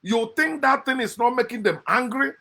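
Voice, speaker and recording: Husky high-voiced man ranting. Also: moderate pace. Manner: preachy and mocking, swings from loud outbursts to low muttered asides. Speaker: online speaker critiquing scripture. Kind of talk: passionate monologue reading and critiquing scripture.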